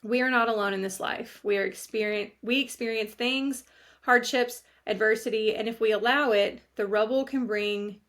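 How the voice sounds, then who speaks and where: Earnest, fairly high-voiced woman podcaster. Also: steady tone, normal speed, fairly bright tone. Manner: earnest and heartfelt, partly reading from notes. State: pregnant, near due date. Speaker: podcast host. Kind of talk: reflective solo podcast monologue.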